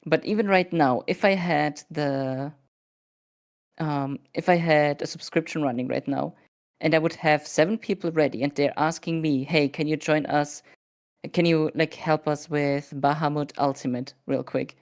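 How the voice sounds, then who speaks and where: Sleepy, low-voiced woman rambling. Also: steady tone, moderate pace, a little mellow. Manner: rambling, hesitant, many fillers. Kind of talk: casual chat.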